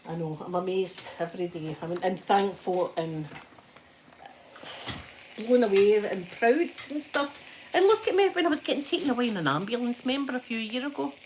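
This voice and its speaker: A woman's voice: mid-range voice, expressive, moderate pace, darkish tone, slight background noise. A Scottish woman hosting her own channel, chatting casually while ironing and telling stories with frequent laughter. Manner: chatty, storytelling, laughs often. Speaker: channel host.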